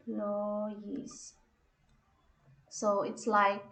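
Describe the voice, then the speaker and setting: A young woman with a Filipino accent teaching a shorthand lesson, explaining slowly as she spells out letters and repeats each word. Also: medium pitch, flat delivery, fairly bright tone, roomy sound, poor audio. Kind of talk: online lesson.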